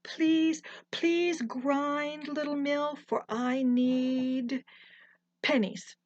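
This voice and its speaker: A woman's voice: high-pitched, lively intonation, unhurried, no room sound, muffled recording, pitched above the performer's own voice, exaggerated voice. A woman voicing a kind, poor young brother who pleads with a magic mill in a sing-song chant. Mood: pleading.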